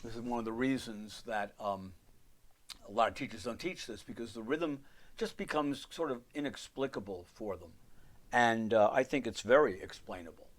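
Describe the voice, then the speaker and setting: A man's voice: medium pitch, moderate pace. A man teaching piano in a live online lesson, counting beats and singing rhythm syllables as he explains, with rambling asides. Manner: counts and sings rhythms aloud while playing, rambling asides.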